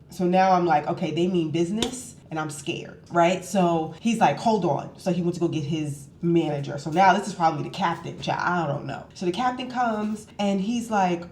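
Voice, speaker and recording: A woman's voice: lowish voice, normal speed, few pauses, reverberant, slight background noise. A woman vlogger in a hotel room, telling a travel story casually and acting out the dialogue. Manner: animated storytelling, acts out both sides of the dialogue.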